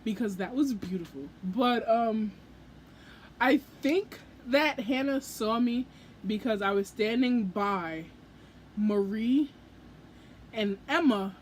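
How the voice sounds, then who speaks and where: A young adult woman telling a story in a casual book vlog, gushing and excitable, acting out her own reactions as she goes. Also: on the high side, takes it slowly, pauses often, a little hiss or hum. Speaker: book vlogger.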